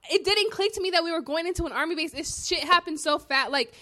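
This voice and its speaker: A woman co-hosting a podcast, telling a story in a casual, profane, animated way. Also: extremely high pitch, fast talker, dry recording. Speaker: podcast co-host.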